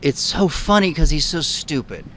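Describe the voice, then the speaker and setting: A man's voice: fairly high pitch, animated, normal speed, a bit bright, a little hiss or hum. A middle-aged man hosting a podcast, chatting in a rambling, opinionated way with frequent restarts. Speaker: podcast host. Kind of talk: casual interview chat.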